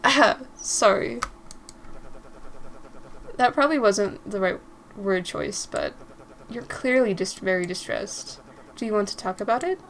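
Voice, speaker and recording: A woman voicing a gentle, polite young man while reading a visual novel aloud, in a calm, soothing manner. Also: medium pitch, unhurried, long pauses, a little hiss or hum, close to an everyday voice.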